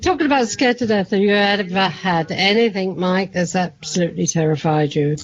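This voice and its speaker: British lady cohost, muffled audio, chips in with quick questions. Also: on the low side. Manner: brief agreeing interjections and questions. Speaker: co-host. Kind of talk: casual interview chat.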